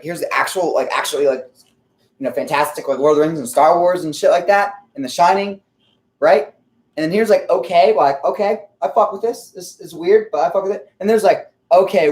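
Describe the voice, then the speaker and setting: A man's voice: a little high, a little mellow. Rambling, profane man with filler-heavy talk. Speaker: vlogger. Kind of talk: casual rambling monologue.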